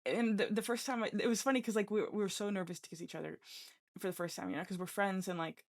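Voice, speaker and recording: A woman's voice: mid-range voice, steady tone, fast talker. A young woman hosting her own podcast, chatting casually and rambling with lots of fillers and restarts. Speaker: podcast host. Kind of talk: casual personal chat.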